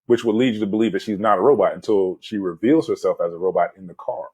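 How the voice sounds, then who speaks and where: A man in his forties, a podcast host, retelling a film in a loose, animated way, full of "man" and "you know". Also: fairly low pitch, fast, slightly rough, no room sound. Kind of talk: casual movie discussion.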